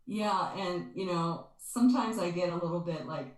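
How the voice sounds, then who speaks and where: Expressive woman healer in an echoey room. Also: on the low side, fairly quick, few pauses. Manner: earnest and expressive, stresses words by repeating them. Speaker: guest, spiritual energy healer. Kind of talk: conversational interview, explaining and storytelling.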